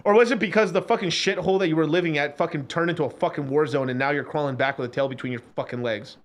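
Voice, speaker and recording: A man's voice: fairly high pitch, quick pace, background noise. A man hosting a crypto livestream, ranting in an unfiltered casual way, profane and emphatic, repeating phrases and mocking others. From Mexican.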